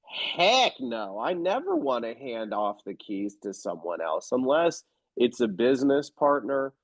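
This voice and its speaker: This real estate investor, a man with a mid-range voice, takes his time while chatting casually in an interview. He's a lively storyteller who makes his points bluntly and with emphasis, captured in a dry, somewhat dull recording free of room sound.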